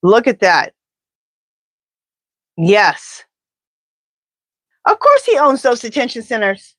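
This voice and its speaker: A woman doing a live pendulum reading, talking in an animated, indignant, chatty way. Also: on the high side, takes it slowly, no room sound. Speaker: tarot reader.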